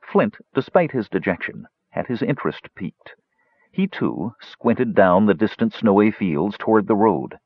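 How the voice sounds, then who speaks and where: A man in scripted audiobook narration, telling a fantasy story with animated delivery. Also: on the low side, a little slow, slightly rough. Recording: dull, dry lo-fi recording.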